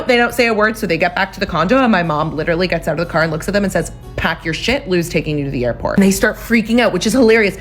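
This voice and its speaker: A young woman telling a juicy family story in a casual, animated way, with some swearing. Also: fairly low pitch. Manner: animated, quick-talking gossip with swearing.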